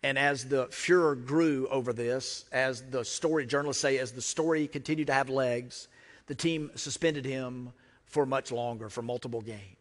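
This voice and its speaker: His voice sits mid-range at a moderate pace as this American pastor, from the United States, delivers a sermon. He speaks in a conversational style punctuated by emphatic repetition, echoing with a large hall's long reverb.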